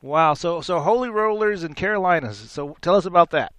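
A man's voice: sits high, expressive, brisk, a bit bright, dry recording, clean studio sound. A man hosting a radio interview, cutting in with short exclamations and prompting questions. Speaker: radio host.

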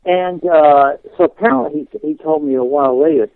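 This English-accented man from England is a guest minister telling his story on radio in a chatty, laughing style packed with fillers and restarts. His slightly high voice is fairly quick with vocal fry. The line is a dry, tinny phone with no room sound.

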